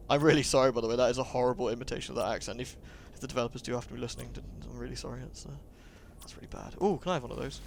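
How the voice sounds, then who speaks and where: Guy doing let's-play commentary, wry asides, mid pitch, faint hiss behind. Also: lively intonation, very fast. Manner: sarcastic, jokey. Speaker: gaming commentator.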